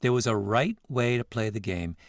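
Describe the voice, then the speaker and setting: A man hosting a podcast, telling a story in scripted narration with a measured, reflective manner. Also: on the low side, dry recording, clean studio sound. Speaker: podcast host.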